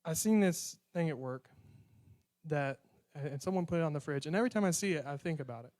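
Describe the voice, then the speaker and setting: A man's voice: a little high, animated, brisk, darkish tone. A young man preaching a sermon in a conversational way, acting out prayers and bits of dialogue.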